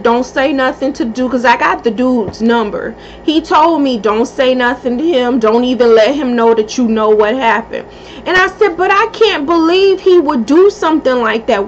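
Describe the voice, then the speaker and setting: A high-voiced woman tells a story at an unhurried pace, animated and swearing freely as she acts out what people said. The recording is dull and lo-fi with a faint hiss under it. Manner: animated, profane, acts out quoted speech. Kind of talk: casual storytelling vlog.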